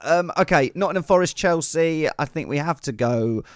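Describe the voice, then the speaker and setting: A man hosting a casual podcast, chatty and playful and quick to laugh. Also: a little high, animated, dry recording, clean studio sound. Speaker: podcast host. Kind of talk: casual chat.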